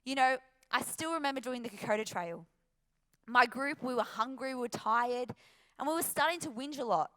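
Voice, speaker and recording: A woman's voice: high voice, expressive, normal speed, fairly bright tone. An Australian woman giving an earnest, emphatic motivational talk with rhetorical questions. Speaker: motivational speaker.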